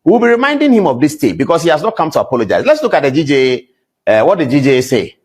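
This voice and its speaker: A Ghanaian man hosting a television show, preaching his point with rhetorical questions and repetition. His pitch leaps high and drops low in wide swings, and his voice has a husky edge. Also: very animated, fast, darkish tone. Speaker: TV show host. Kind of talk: impassioned commentary.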